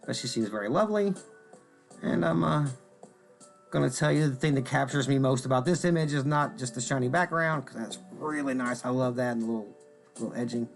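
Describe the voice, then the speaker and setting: Brief: male stream host, gravelly fry in his voice, jokey rambling delivery, faint music underneath. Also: medium pitch, brisk. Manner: joking, rambling, greets viewers by name. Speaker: host of a card-selling stream. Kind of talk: casual rambling chat while showing cards.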